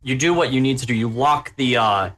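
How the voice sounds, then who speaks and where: A man's voice: medium pitch, fairly quick, a bit bright, slight background noise. A man running a tabletop horror game as game master, narrating with obvious glee at the players' danger. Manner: gleeful, relishing the players' peril.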